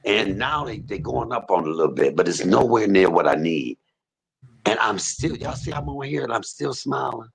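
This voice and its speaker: Gravelly man preaching from a hospice bed. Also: lowish voice, lively intonation, normal speed. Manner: gravelly, husky voice, preachy and emphatic. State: in pain. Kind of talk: casual preaching talk. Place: hospice room.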